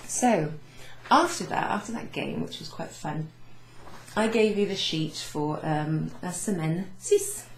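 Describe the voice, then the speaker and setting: A woman teaching beginners French from her office, going over phrases slowly with many fillers and repeating each example. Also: lowish voice, expressive, echoey room, a little hiss or hum, poor audio. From Wales. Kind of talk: recorded lesson recap for students. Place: home office with blinds closed.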